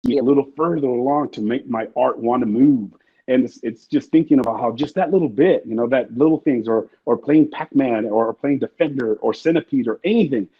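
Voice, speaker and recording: A husky-voiced man rattles through his stories at a quick clip, rambling and swearing as he acts out the people in them. The sound is a bit muffled and lo-fi, like a modest interview recording. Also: mid-range voice. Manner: rambling, profane, acts out quotes. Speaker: interview guest. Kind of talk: casual storytelling.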